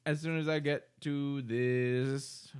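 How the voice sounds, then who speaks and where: A man's voice: mid-range voice, fairly even intonation, slow, a little mellow, smooth. A young man co-hosting a casual podcast, loose and tipsy, swearing and laughing as he chats. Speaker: podcast co-host. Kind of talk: casual drinking-podcast banter.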